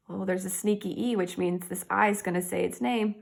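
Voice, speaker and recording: A woman teaching a reading and punctuation lesson to young children, cheerful and encouraging, slowly sounding out words. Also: mid-range voice, steady tone, creaky. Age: adult.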